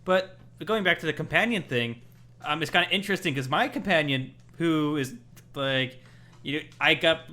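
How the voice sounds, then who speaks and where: A man co-hosting a gaming podcast in casual chat, animatedly acting out bits of game dialogue. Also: on the high side. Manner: animated, acts out game dialogue in quick voices. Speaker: podcast co-host.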